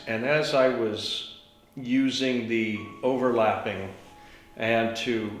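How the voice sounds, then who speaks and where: A man, a painter, talking about his work in an unhurried storytelling way, with trailing fillers. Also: mid-range voice. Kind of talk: reflective studio talk. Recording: echoey room with soft music.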